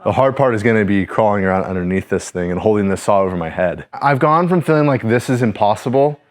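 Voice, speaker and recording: A man in his thirties hosting a casual project vlog, chatty and excitable as he thinks out loud while working on a boat. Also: lowish voice, fast. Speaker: DIY boat restorer and channel host.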